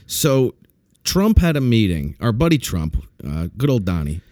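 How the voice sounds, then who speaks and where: Lively, crude-talking male podcast host. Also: fairly low pitch, a little slow, no room sound, studio quality. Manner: crude, laughs a lot, animated storytelling. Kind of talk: casual chat.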